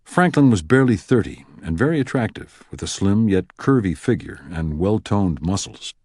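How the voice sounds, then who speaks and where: Guy narrating an audiobook, lots of ups and downs, slightly raspy. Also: sits low, normal speed, dry recording. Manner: expressive storytelling. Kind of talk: scripted narration.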